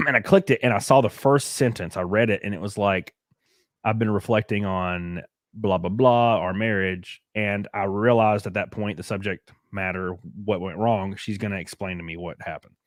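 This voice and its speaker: A man with a low voice talks candidly on a podcast and wanders through his story with plenty of fillers. The recording is dry and close, with no echo at all. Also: normal speed. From United States. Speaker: podcast host. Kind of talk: casual chat.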